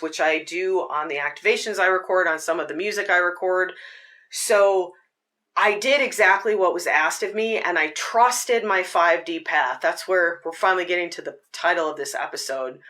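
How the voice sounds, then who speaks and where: Her voice is fairly low in pitch with a fairly bright tone as this podcast host rambles earnestly through a long, reflective account of her spiritual journey. The word "like" crops up constantly as filler.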